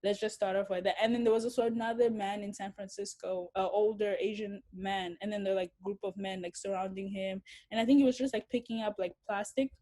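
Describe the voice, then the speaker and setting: A woman's voice: medium pitch, fairly even intonation, brisk, few pauses, dark tone. A young woman from Africa, speaking bluntly and swearing freely in a casual interview.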